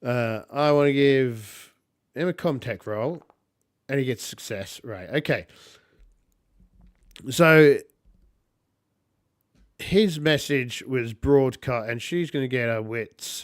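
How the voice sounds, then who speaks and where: Slow, muttering man playing solo. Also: medium pitch, no room sound, clean studio sound. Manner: halting, muttering counts to himself. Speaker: solo tabletop player and narrator. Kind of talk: casual solo game play, thinking aloud.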